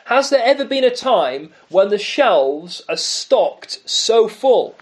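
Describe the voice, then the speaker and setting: A man preaching a sermon, emphatic and full of rhetorical questions and dramatic pauses. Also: sits high, very animated.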